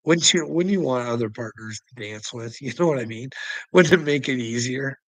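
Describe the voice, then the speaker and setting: A man's voice: mid-range voice, normal speed, a bit bright, no echo, low-quality recording. A man hosting a casual livestream, ranting profanely and rambling, laughing often as he talks. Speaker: livestream host.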